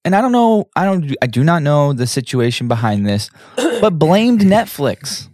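A man's voice: fairly high pitch, very animated, normal speed, darkish tone, no room sound, clean studio sound. A man co-hosting a podcast in casual chat, rambling and offhand. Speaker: podcast co-host.

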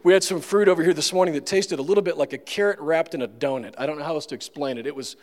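A man's voice: on the high side, racing. A male pastor giving a sermon in a conversational manner, with joking asides. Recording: long reverb of a large room.

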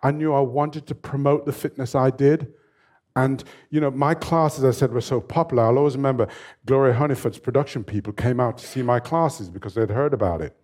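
A man in his seventies, a fitness trainer telling stories as an interview guest in a lively, animated way. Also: medium pitch, a little fast. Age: 70s. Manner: lively, animated storyteller who laughs often. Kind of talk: storytelling in an interview.

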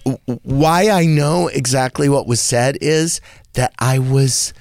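A man hosting a radio talk show, telling a story in a casual, animated way and acting out the people he quotes. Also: takes it slowly, no room sound, studio quality. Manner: animated, acts out quoted voices in a higher pitch. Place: radio studio.

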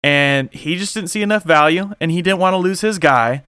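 A man's voice: high-pitched, moderate pace, sharp tone, clear, resonant tone, no room sound. Guy hosting a sports podcast, rambly, lots of ums, dry close sound. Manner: rambling, many fillers. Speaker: podcast host. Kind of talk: casual sports chat.

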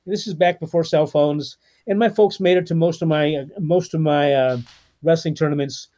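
A man's voice: on the high side, moderate pace. A man in his sixties, a guest author telling stories in a podcast interview, with lots of fillers and restarts. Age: 60s. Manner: animated storyteller with frequent fillers.

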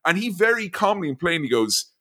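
Bright-voiced man telling stories. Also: high voice, a little fast. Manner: animated storytelling, jumps into impressions. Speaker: podcast host. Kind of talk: casual chat.

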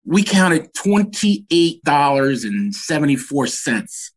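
This is a man in his sixties, a guest on a leadership podcast recounting his childhood with sincere warmth of memory. His voice sits a little higher than most men's. He tells stories plainly and earnestly, picking up energy at the key moments. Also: slow, husky. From Washington, DC. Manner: earnest, animated when recounting anecdotes. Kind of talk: reflective storytelling.

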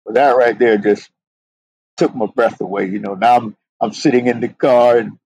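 A middle-aged man speaks in a husky, gravelly voice, earnest and heartfelt as he tells his story on a podcast. The sound is close and dry, with no room around it, and he fills his talk with "you know". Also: medium pitch, steady tone, normal speed, darkish tone, no echo, low-quality recording. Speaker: podcast guest, police sergeant.

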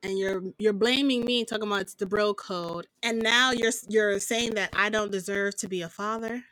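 A woman's voice: mid-range voice, steady tone, normal speed, a bit bright, rough recording. A woman co-hosting a casual chat, speaking emphatically with sassy asides. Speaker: podcast co-host. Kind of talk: casual chat recapping a reality show.

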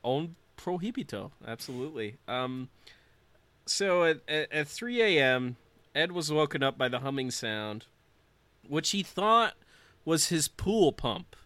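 Bright, crisp-voiced podcast host. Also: male voice, a little high, unhurried, dry recording. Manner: animated, laughs often, jokey asides. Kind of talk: casual storytelling chat.

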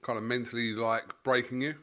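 A man interviewing a guest, asking questions in a halting, searching way. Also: medium pitch, little pitch movement, fairly bright tone. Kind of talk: conversational interview.

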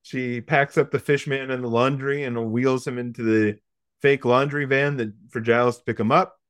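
A man's voice: mid-range voice, fairly even intonation, moderate pace, a bit bright, clear, resonant tone, no echo. Wry man recapping a film, dry sound. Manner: profane, wry storytelling with asides. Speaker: podcast host recapping a film. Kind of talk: casual comedic film recap.

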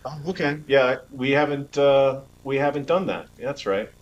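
A man's voice: medium pitch, moderate pace, highs cut off. A man working as the show's producer, talking in a laid-back, chuckling way.

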